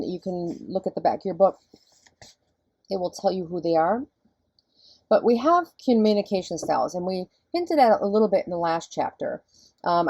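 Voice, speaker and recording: A middle-aged woman professor with a low, husky voice, giving a conversational recorded lecture and explaining things step by step. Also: dark tone, no room sound.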